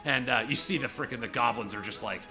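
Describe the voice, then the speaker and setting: A man's voice: medium pitch, fast, music in the background. A man narrating a tabletop game as game master, rambling with many fillers. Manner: rambling, filler-heavy storytelling.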